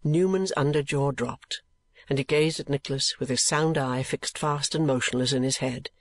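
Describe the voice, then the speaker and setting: A man reading a classic novel aloud as an audiobook, in measured, even scripted narration. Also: medium pitch, dry recording. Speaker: audiobook reader.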